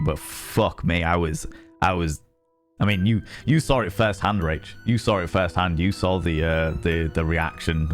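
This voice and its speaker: A man and streamer who does some voice acting, chatting casually on a livestream, swearing a lot and repeating himself for emphasis. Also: deep voice. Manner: profane, emphatic ranting; repeats phrases and restarts mid-sentence. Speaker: streamer and voice actor.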